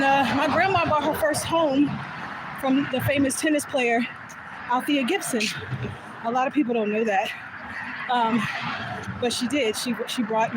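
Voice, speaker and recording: In a very noisy recording, a woman with a high-pitched voice vlogs as she walks outdoors on her way back from voting. Her story is emotional yet casual, with frequent laughter and occasional whispers.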